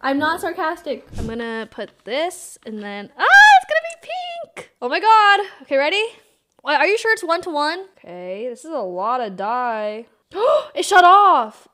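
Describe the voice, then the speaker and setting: A woman's voice: sits high, big pitch swings, moderate pace, a bit bright, poor audio. A woman streaming live, chatting and giggling while giving step-by-step directions. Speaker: streamer host. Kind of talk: casual live-stream chat.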